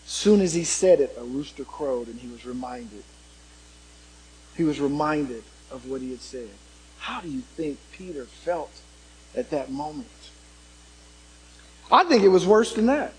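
Preacher, man, high husky voice, very lively delivery, loud-to-hushed swings. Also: unhurried, pauses often, poor audio. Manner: dramatic, swings from loud emphasis to hushed tones; asks the congregation questions. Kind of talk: sermon.

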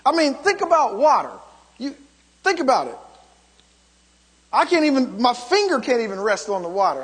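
A man's voice: extremely high pitch, very animated, moderate pace, pauses often, a bit bright, slightly rough, in a large hall. A man preaching a sermon, emphatic, often calling out "come on" to the congregation. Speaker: pastor.

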